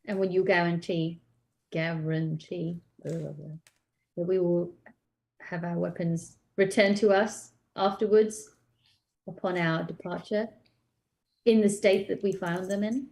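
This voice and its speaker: A woman playing a tabletop game, haggling slowly and carefully with the game master. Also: on the low side, fairly even intonation, darkish tone, poor audio. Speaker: player. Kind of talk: casual tabletop play.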